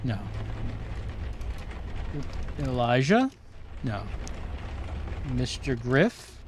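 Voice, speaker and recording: A man's voice: medium pitch, sing-song, extremely slow, background noise. A man streaming a video game, reading in-game messages aloud and muttering asides in casual commentary.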